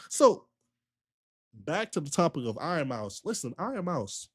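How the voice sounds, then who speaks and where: A man streamer telling a long story in a casual, slangy rant, full of repetition and animated retellings. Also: on the high side, moderate pace, husky.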